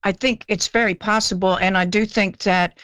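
A woman's voice: medium pitch, fairly even intonation, normal speed, a bit bright. An older woman from the South, telling stories as a guest in a chatty, self-deprecating way, often repeating words as she starts. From American South. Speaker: guest author. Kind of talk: casual interview storytelling.

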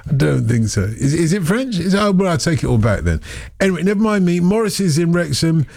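A man's voice: a little high, big pitch swings, brisk, creaky, a little mellow, dry recording. A man hosting a radio phone-in, chatting in a rambling, self-deprecating way. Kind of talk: casual radio chat.

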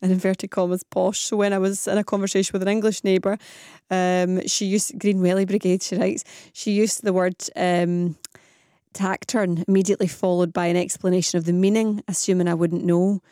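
A woman's voice: lowish voice, flat delivery, fairly quick, warm tone, no echo, studio quality. A Scottish woman hosting a radio phone-in, chatty, reading out listener messages and talking with callers. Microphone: studio mic.

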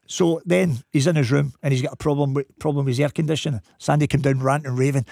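A Scottish football coach from Glasgow with a Glaswegian accent, telling animated stories in a casual chat. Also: male voice, fairly high pitch, creaky, no echo, clean studio sound. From Scotland. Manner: animated anecdotes, quick talk. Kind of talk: casual storytelling.

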